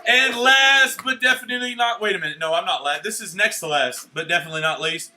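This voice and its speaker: A young man emceeing a church awards night, handing out certificates in an energetic, playful way, cheering and joking with the crowd. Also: on the high side, fast talker, background noise. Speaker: youth pastor handing out awards. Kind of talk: live church event emcee. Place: church hall at a live event.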